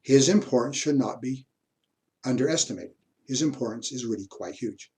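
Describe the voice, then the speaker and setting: A man giving a university history lecture, unhurried, pausing mid-sentence and adding asides. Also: medium pitch, warm tone.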